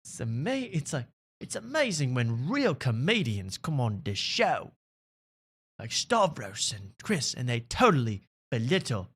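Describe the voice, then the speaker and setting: A man's voice: medium pitch, sing-song, fairly bright tone, breathy edge, heavily acted. Man doing a mocking, badly faked Australian-accent fan voice for a comedy bit. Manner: deliberately bad, mocking accent. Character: whiny male podcast fan, mock Australian accent.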